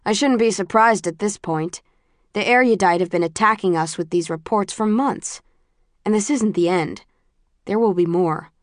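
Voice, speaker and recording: A woman's voice: mid-range voice, normal speed, no echo, clean studio sound, natural voice. A woman voicing a stern, principled middle-aged father in a firm, clipped and disapproving manner.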